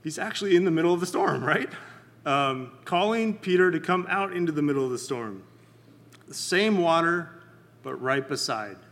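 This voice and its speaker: A man leading a Bible study in a casual, conversational sermon, often checking in with his listeners and pausing with fillers. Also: a little high, expressive, fairly bright tone, in a large hall. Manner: halting, many fillers and restarts.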